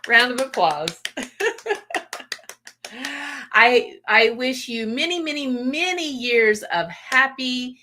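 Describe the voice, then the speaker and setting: A woman's voice: on the high side, expressive, takes it slowly, pauses often, noisy background. A woman hosting a casual livestream, greeting viewers in a gushing, emotional way with many fillers. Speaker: livestream host. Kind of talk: casual live chat with viewers.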